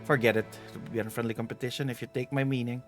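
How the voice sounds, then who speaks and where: A man's voice: medium pitch, steady tone, rapid-fire, faint music behind, close to an everyday voice. A man reading the lines of a teasing, vain aging female treasure hunter aloud while streaming a game.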